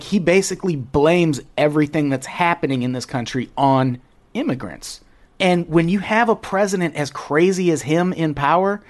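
A man co-hosting a podcast in casual chat, earnest and profane. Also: a little high. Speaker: podcast co-host.

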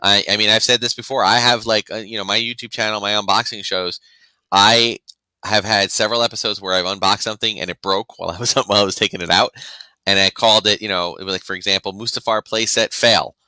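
A man's voice: fairly low pitch, steady tone, quick pace, sharp tone, clear, resonant tone, no room sound, poor audio. A man co-hosting a podcast in casual chat, rambling with frequent restarts and acting out other people's reactions. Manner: rambling, restarts often, acts out quoted reactions. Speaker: podcast co-host.

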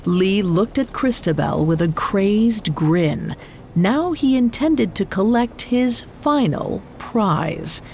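A woman narrates a scripted story at an unhurried pace with a measured, dramatic delivery. Her voice sits at an ordinary middle pitch. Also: expressive, darkish tone, a little hiss or hum. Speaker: podcast narrator.

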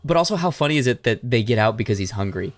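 A man co-hosting a casual podcast, recounting a strange crime story. He breaks into loud, animated, profane impressions of the people in it. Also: mid-range voice, fast talker. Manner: animated storytelling, acting out shouted quotes with profanity. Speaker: podcast co-host.

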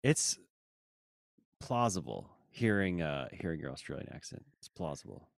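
A man's voice: low voice, big pitch swings, normal speed, creaky, dry recording. A man in casual chat, rambling and searching for words, with a dry sense of humor.

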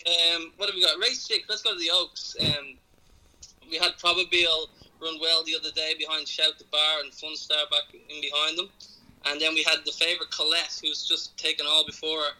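Bright-voiced Irish man giving racing tips. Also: a little high, level tone, brisk, rough recording. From Ireland. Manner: hesitant, with many ums, talks through form methodically. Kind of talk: phone-in tips on a sports radio show.

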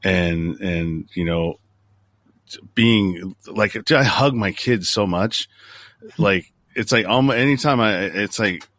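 A male podcast host with a very deep voice, recorded close and dry. He talks in a halting, emotional way. He often restarts his sentences as he reaches for the right words. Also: fairly bright tone, no echo. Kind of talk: conversational podcast chat.

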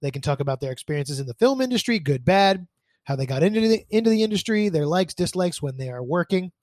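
A man's voice: high voice, expressive, fast talker, darkish tone, no echo. A man co-hosting a podcast, chatting casually and teasingly, reading out listener emails. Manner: teasing, offhand, reads listener emails aloud. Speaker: podcast co-host. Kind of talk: casual chat. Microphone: desk mic.

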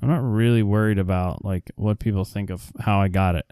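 A man's voice: on the low side, steady tone, a little fast, warm tone, clean tone, dry recording, clean studio sound. A man co-hosting a podcast, chatting casually and rambling with lots of fillers about a film. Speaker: podcast co-host. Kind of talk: casual chat recapping a film.

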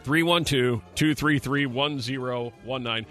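A man's voice: mid-range voice, a little slow, a bit bright, soft background music. A man hosting a morning radio show, joking with co-hosts and taking callers, and acting out quotes in mock voices. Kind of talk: casual radio banter.

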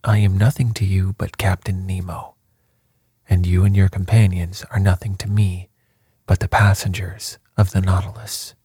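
A man reading the part of a stern, commanding sea captain in a cold, measured manner, in an audiobook. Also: low voice, level tone, mellow, husky, no room sound, studio quality. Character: stern, commanding middle-aged male submarine captain.

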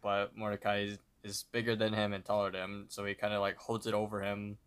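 A man's voice: on the low side, clear, resonant tone. A young man co-hosting a podcast, casually retelling a cartoon episode and briefly imitating the characters. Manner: relaxed, retells scenes with quick character voices. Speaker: podcast co-host.

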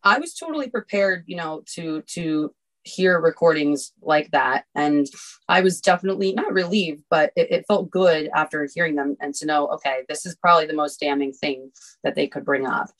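A woman lawyer, a guest on a podcast, explaining things in a measured, conversational way. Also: low-pitched, a bit bright, poor audio. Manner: measured, explanatory, with frequent "you know" fillers. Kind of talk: casual interview conversation.

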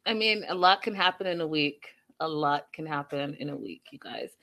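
Deep-voiced and moderately paced, this woman gives a relaxed recap of a reality TV episode. She's animated as she reads viewer comments and performs people's lines, adding sassy remarks along the way.

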